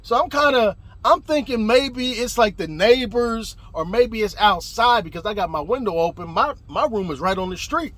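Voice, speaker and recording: A young man telling a story in a casual, animated way, swearing and building to shouts. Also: sits high, moderate pace, few pauses.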